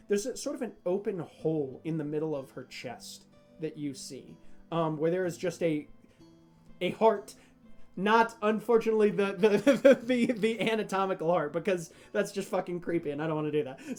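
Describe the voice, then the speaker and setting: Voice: medium pitch, a little mellow. A game master narrating a homebrew tabletop game in a rambling, hesitant way, full of fillers and restarts.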